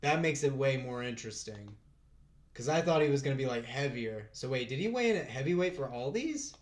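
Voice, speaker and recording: A man hosting a casual live fight stream, chatting with his viewers, thinking out loud and laughing often. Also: mid-range voice, animated, fairly quick.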